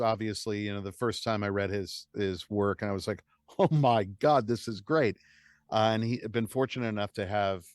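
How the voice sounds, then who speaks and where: A man's voice: lowish voice, clean tone, no echo, clean studio sound. An American man, a guest and audiobook narrator, talking casually and with animation in an interview. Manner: animated, chatty storyteller who laughs easily.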